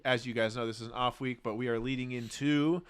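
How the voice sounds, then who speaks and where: Chatty young man with a smooth voice. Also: mid-range voice, steady tone, a little fast. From Australia. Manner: upbeat, chatty, says "dude" a lot. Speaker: podcast co-host. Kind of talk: casual chat.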